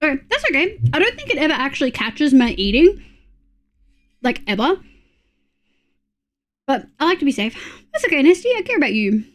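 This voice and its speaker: A woman's voice: high voice, big pitch swings, moderate pace, pauses often. An Australian woman in her thirties chatting casually on a live stream, blunt and sweary, reacting to chat.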